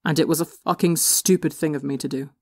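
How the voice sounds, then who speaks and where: A woman voicing a weary, remorseful young man who speaks quietly and sheepishly. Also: fairly high pitch, fairly even intonation, brisk, no echo, clean studio sound. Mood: subdued.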